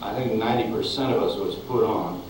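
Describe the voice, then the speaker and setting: A man's voice: on the low side, fairly quick. An older man, a film director, rambling through chuckling anecdotes about his old Westerns in an interview. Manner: chuckling, rambling storyteller with restarts. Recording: echoey room, far mic, background noise.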